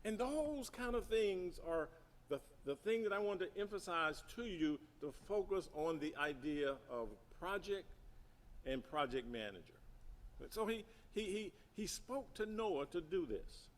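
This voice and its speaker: Unhurried and expressive, with a voice that sits high, a middle-aged man speaks at a seminary symposium. He teaches emphatically about church projects, repeats his central points, and asks the audience questions.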